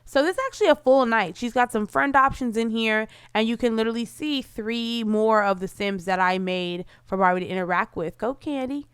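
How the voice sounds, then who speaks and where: A woman's voice: on the high side, fairly even intonation, fairly quick, hardly any pauses, clear, resonant tone, no room sound, clean studio sound. A woman giving casual, bubbly commentary over her life-simulation gameplay, full of "like" fillers. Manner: chatty, bubbly, lots of "like" fillers.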